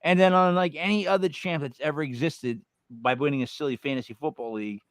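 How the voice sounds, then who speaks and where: A man's voice: on the high side, quick pace, no echo, poor audio. An American man hosting a podcast, chatting casually in a blunt, joking way and swearing freely. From United States. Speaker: podcast host.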